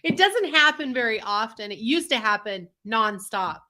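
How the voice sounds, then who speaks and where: A woman's voice: a little high, animated, moderate pace, bright, forceful tone. A woman co-hosting a live online self-help show, talking in an upbeat, earnest, encouraging way over a video call. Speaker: co-host, empath coach.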